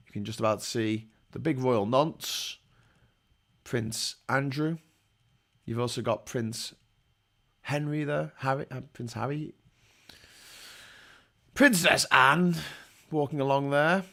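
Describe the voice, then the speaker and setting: A man's voice: mid-range voice, gravelly, fairly bright tone. A man hosting a live-stream commentary, hamming it up in a jokey pirate persona with growled "yars" and rambling, irreverent asides. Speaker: livestream host.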